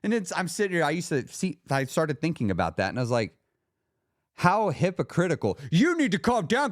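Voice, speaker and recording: A man's voice: medium pitch, no room sound, studio quality. A man hosting his own podcast, talking through what he has learned in a casual, reflective way, with restarts and lots of "like". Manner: animated, acts out his own inner dialogue; conversational, with restarts and "like". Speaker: podcast host. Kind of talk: solo reflective podcast talk.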